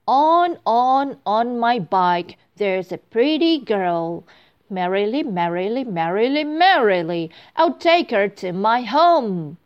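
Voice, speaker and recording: A woman voicing a kind, motherly female field mouse in a bright, sing-song way for a storybook reading. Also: mid-range voice, very animated, measured pace, highs cut off. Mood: cheerful.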